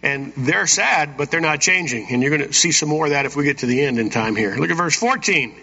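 A man's voice: a little high, a little fast, bright, forceful tone, slightly rough. A man preaching a sermon in a church, reading verses and asking the congregation "Amen?" between points. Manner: folksy preaching with frequent "Amen?" asides. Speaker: pastor. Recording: dull reverberant church hall sound.

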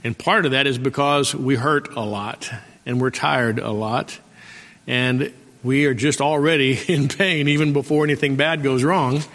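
A man's voice: mid-range voice, a little slow, fairly bright tone. A middle-aged male pastor preaching a folksy sermon and calling out for amens from the congregation. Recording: long hall reverb.

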